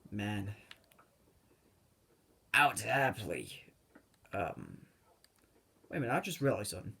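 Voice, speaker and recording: A man's voice: lowish voice, lively intonation, slow pace, gravelly, pauses often, bright, forceful tone, husky. A young man hosting a gaming video, rambling off on tangents with many fillers. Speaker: gaming channel host. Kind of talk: rambling let's-play commentary.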